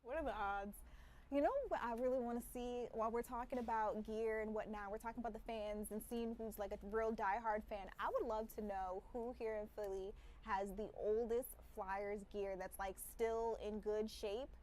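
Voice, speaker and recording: A woman news anchor leads a live local broadcast. Her voice sits on the higher side, and her delivery is chatty and upbeat. She passes easily between banter and the next segment. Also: steady tone, normal speed, darkish tone, slight background noise. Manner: conversational and upbeat.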